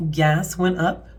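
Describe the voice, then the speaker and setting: Hoarse, sick woman with a low voice. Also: fairly bright tone. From American Midwest. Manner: chatty, apologetic, rambling with fillers. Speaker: budgeting channel host. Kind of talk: casual budgeting walkthrough.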